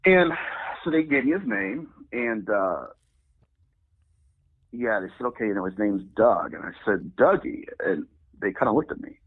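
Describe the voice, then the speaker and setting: A man telling a story as an interview guest, acting out the people in it with sudden jumps in pitch. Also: animated, moderate pace, pauses often, breathy edge. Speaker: guest demonologist. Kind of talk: animated storytelling. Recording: phone-like lo-fi audio.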